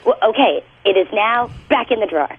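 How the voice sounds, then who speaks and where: A young woman guest on a radio show, bantering with a playful, deadpan manner. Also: fairly high pitch, a little fast. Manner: playful and deadpan, teasing back. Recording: dull lo-fi line.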